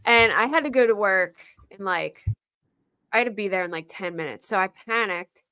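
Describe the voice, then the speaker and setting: A chatty woman with a Philadelphia accent rambles through a story on a live online panel, laughing along the way and leaning on "like" as she goes. Her voice is bright and clear, and it sounds close and dry, with no room around it. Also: mid-range voice, moderate pace, no echo. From Pennsylvania. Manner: chatty and rambling, laughs often, says "like" a lot.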